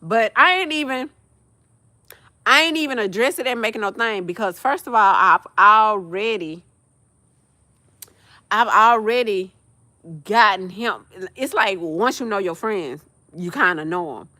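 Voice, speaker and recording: Animated, bright-voiced young woman ranting. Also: mid-range voice, a little slow, pauses often, dry recording, studio quality. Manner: blunt, profane, animated ranting with laughs. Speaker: livestream host. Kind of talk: casual chat.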